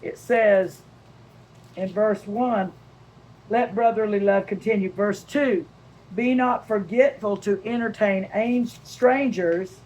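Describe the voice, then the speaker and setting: A woman's voice: medium pitch, slow pace, a little mellow, low-quality recording. An older woman giving a homely Bible lesson, reading scripture aloud and chatting about it, asking questions and answering them herself. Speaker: Bible teacher.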